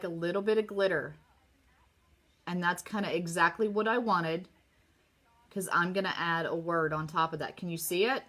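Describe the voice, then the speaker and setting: A woman with a bright, forward voice walks viewers through a craft project at her home table. She talks in a chatty, upbeat way, and her sore throat leaves her sounding slightly worn. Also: lowish voice. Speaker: craft designer demonstrating card making. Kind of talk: casual craft tutorial.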